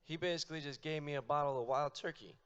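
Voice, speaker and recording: A man telling a long, profane, deadpan story on stage between songs. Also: a little high, fast talker, smooth, highs cut off. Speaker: comedic storyteller and musician. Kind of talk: stand-up storytelling.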